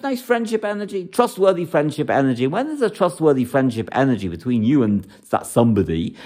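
A man with a somewhat high, slightly mellow voice delivers astrology forecasts for each star sign. He speaks emphatically, repeating phrases to drive his points home in typical horoscope style.

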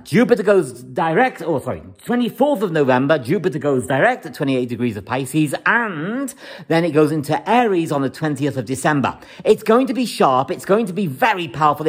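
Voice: medium pitch, very animated, fairly quick, husky. An astrologer talking through a forecast in a casual monologue, rambling and emphatic, repeating words for stress.

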